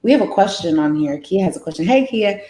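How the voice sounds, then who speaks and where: A woman hosting a live interview, asking questions in a halting way and restarting as she searches for her words. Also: lowish voice, lively intonation, mellow. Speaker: interview host. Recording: echoey room.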